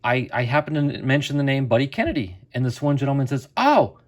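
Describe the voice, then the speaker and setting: Speaking in a mid-range voice and talking fast, a middle-aged man who hosts a card collecting channel relates a story to camera in a casual, chatty way, voicing the quotes himself.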